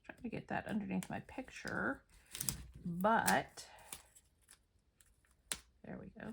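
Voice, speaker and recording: A woman's voice: mid-range voice, slow, vocal fry, slight background noise. A middle-aged woman chatting casually and laughing at herself as she talks through a scrapbook layout. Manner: chatty, self-deprecating, thinking aloud while working. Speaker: scrapbooking crafter. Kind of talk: casual craft process narration.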